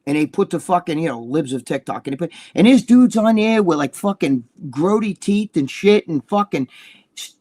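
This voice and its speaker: A man's voice: fairly high pitch, expressive, moderate pace, mellow, no echo, clean studio sound. A man co-hosting a casual chat show, talking in a heated, profane, rambling way. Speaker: co-host.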